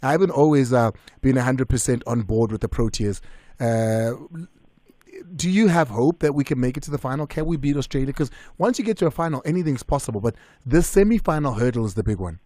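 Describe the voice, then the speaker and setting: Energetic South African male radio host, mid-pitched voice, mixes languages, dry close mic. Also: a little fast, no echo. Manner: energetic, mixes English with isiZulu. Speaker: radio sports show host. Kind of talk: live radio sports talk.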